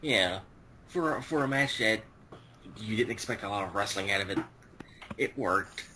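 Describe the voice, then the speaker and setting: A man giving his opinions in a casual panel chat, incredulous and quick to exclaim. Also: lowish voice, animated, sharp tone, slight background noise, poor audio.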